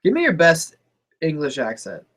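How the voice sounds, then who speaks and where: Higher-voiced casual podcast host. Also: male voice, moderate pace. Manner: relaxed, profane, laughs easily. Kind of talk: casual wrestling podcast chat.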